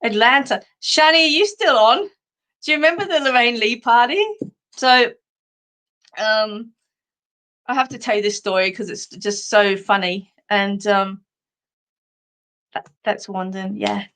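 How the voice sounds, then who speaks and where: Aussie lady rambling on a live stream, laughs a lot, voice sits a bit high. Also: measured pace, pauses often, sharp tone. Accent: Australian. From Australia. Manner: chatty, rambling storyteller who laughs often. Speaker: psychic medium hosting a live stream. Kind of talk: casual live-stream chat.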